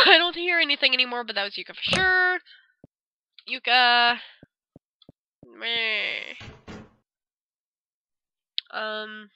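A young woman casually commenting as she plays a game, reacting loudly and swearing freely. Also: fairly high pitch, slow, long pauses, clear, resonant tone, no echo, poor audio. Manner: expressive and swearing, reads dialogue aloud. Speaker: let's play gamer.

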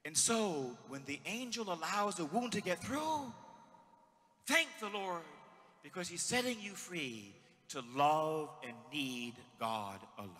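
A middle-aged male priest preaching a sermon, swinging from shouts to hushed words as he tells stories. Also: on the high side. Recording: long hall reverb.

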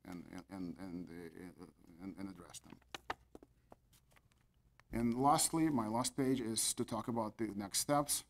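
A man presenting a strategy plan to a board as a consultant, in a methodical way, stressing key words and using frequent fillers. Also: fairly low pitch. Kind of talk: formal business presentation.

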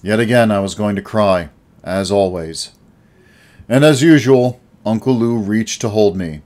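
A man narrating an audiobook in the first person with a steady storytelling delivery. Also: lowish voice, measured pace.

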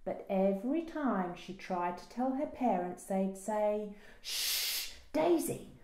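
A woman librarian reading a children's picture book aloud with slow, expressive storytelling. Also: medium pitch. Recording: roomy echo.

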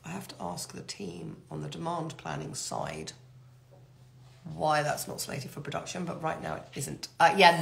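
A middle-aged woman runs a live question-and-answer session, reading greetings aloud and chatting through the answers. Her voice sits a little low and carries a trace of a fading cold. She talks close to the mic. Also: gravelly, fairly bright tone. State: getting over a cold. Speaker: host answering viewer questions. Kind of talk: live Q&A chat reading out comments.

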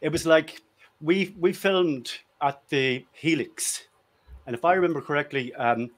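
A man's voice: on the high side, measured pace. A man, a guest in a casual chat, telling jovial, self-deprecating anecdotes. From Ireland.

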